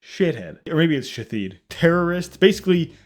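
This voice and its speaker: A man's voice: on the high side, very animated, moderate pace. A young man hosting a comedic reaction video, sarcastic and incredulous, often laughing and acting out mock dialogue. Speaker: YouTube reaction host.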